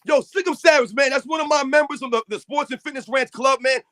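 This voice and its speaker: A man hosting a sports talk live stream, yelling a confrontational rant at critics in the chat. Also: very high-pitched, quick pace, no echo, rough recording.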